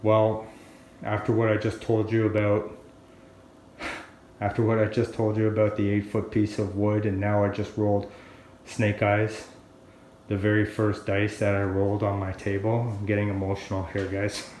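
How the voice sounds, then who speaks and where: Slow-talking man in an echoey workshop. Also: lowish voice, monotone, a little mellow, slight background noise. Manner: slow, unhurried and chatty. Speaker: hobbyist woodworker vlogger. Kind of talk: casual video diary. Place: workshop room, alone.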